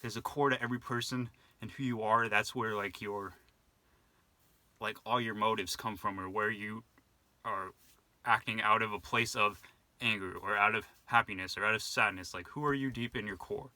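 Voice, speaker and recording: A man's voice: on the low side, fairly even intonation, normal speed, bright, forceful tone, no echo. A young man talking on his own in a rambling, reflective way, with many fillers and restarts, as a vlogger. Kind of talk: casual monologue to camera.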